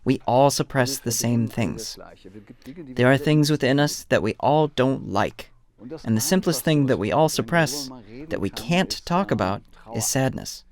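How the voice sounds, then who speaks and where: A man's voice: mid-range voice, animated, a little slow, a little mellow. A man with a German accent, a therapist giving a lecture to an audience and acting out little dialogues with patients. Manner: storytelling, acts out dialogues.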